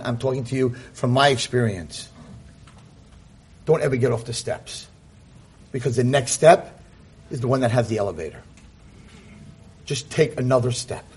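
A man giving an animated, fast-paced motivational talk to a convention audience, telling a parable. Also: medium pitch, slightly rough. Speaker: lecturer. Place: convention room.

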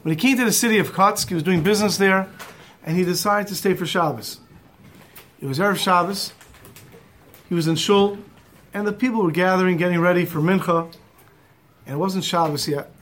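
A man's voice: high voice, fairly quick, pauses often, fairly bright tone. A man teaching a Torah class in English mixed with Hebrew terms, telling a story and acting out its quotes.

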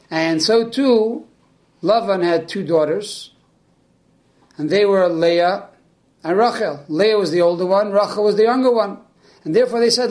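A man with a high-pitched voice delivers a religious lesson. He tells stories with energy and slips into the voices of the people in them. His teaching is earnest and explanatory. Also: measured pace, pauses often. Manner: animated storyteller who acts out the people in his stories. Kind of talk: spoken Torah lesson.

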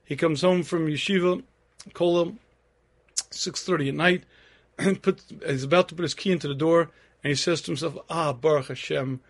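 Man, 50s, Torah lecturer, earnest storyteller, slightly high voice, frequent throat-clearing. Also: moderate pace, pauses often.

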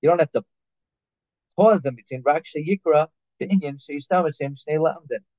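Man as a Torah teacher, middle pitch, phone-like sound, dry. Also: normal speed, no room sound. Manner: reads Hebrew phrases then explains them in English, with restarts and fillers. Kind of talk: halacha class, translating Hebrew text line by line. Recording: tinny phone-like line, dry.

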